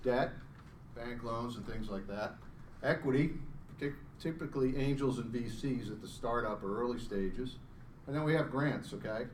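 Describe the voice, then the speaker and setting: Middle-aged male founder, casual self-deprecating live pitch; distant mic, faint hum behind. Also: normal speed. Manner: chatty and self-deprecating, joking with the crowd. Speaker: startup founder presenting. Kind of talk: live pitch presentation to an audience. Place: event room with an audience. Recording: roomy sound from a distance, faint background hum.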